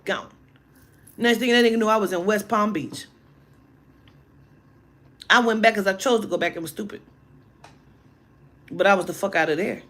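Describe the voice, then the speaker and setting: A woman telling a personal story in a casual monologue, animated and emphatic, with heavy profanity. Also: mid-range voice.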